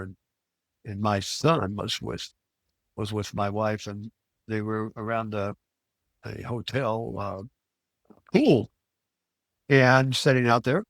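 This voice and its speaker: An older man telling a personal story in a loose, rambling way. He hesitates often and restarts his sentences. His voice sits at a medium pitch and sounds dry and close, with no room around it. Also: dry recording. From Missouri, USA. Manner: rambling, halting with many fillers and restarts. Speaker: private investigator podcast host. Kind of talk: casual storytelling.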